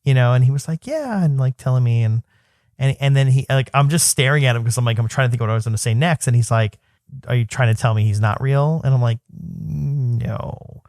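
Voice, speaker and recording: A man in his thirties, co-hosting a podcast, rambles through a long personal story in a casual chat full of fillers and restarts. His mid-range, darkish voice moves fast with fairly even intonation, and the clean studio recording has no room sound.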